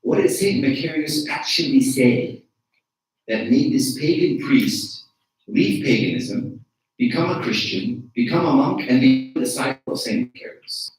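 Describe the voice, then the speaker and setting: A man delivers a conversational sermon, pausing to toss questions back at the pews. His voice sits at an ordinary middle pitch. It reaches the listener from some distance, filling a large, very echoey church. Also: expressive. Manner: engages the congregation with frequent rhetorical questions. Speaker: archdeacon preaching.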